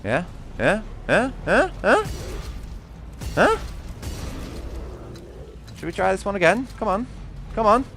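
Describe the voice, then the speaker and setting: Excitable, swearing British streamer. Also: male voice, high-pitched, slow pace, vocal fry, pauses often, slight background noise. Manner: excitable, swears often, talks to viewers. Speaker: gaming streamer. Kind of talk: live gameplay commentary.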